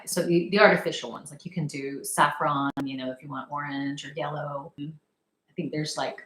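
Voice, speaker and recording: A woman's voice: low-pitched, roomy sound, rough recording. A woman telling a personal story in a casual, rambling way. She laughs often and acts out her past reactions. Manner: chatty, rambling, laughs often, animated retellings. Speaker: vlogger sharing personal experience.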